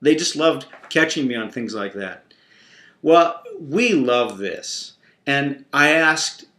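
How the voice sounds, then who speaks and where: A man's voice: medium pitch, slow. A man teaching a Christian devotional through a playful family story. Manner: warm, playful, expressive storyteller. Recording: roomy echo.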